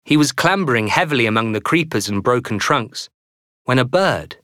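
A man with a mid-range voice performs scripted narration of a novel as an audiobook narrator, measured and expressive. The audio has no echo and sounds like a clean studio.

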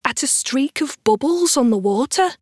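A woman's voice: high-pitched, animated, moderate pace, a little mellow, no echo, studio quality. A woman doing a wide-eyed little storybook mole. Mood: wondering. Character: shy, wonder-struck male mole.

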